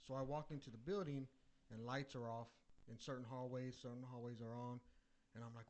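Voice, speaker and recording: Young man, animated and profane, builds suspense in casual podcast storytelling. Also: medium pitch, brisk. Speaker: podcast co-host.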